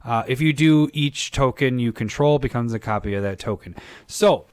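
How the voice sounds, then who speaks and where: A man's voice: medium pitch, moderate pace, a little mellow, clean tone, dry recording, studio quality. A man co-hosting a podcast about a card game, talking casually, rambling and laughing often. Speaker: podcast co-host.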